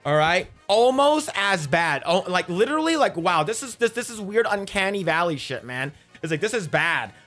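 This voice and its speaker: A man's voice: sits high, big pitch swings, normal speed, few pauses, a bit bright, faint music behind. A man giving a casual, rambling movie recap, crude and profane and full of fillers. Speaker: movie reviewer.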